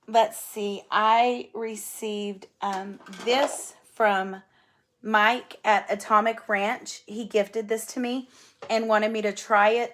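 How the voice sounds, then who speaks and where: A woman hosting a cross-stitch video, chatting casually and gushing enthusiastically over gifts she shows. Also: mid-range voice. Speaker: flosstube host. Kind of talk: casual show-and-tell chat.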